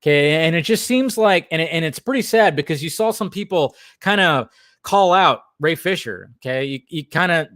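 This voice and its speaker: A man giving casual live commentary on film footage as an online host, animated and exclamatory, swearing freely as he talks. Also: fairly high pitch, normal speed, no room sound, clean studio sound.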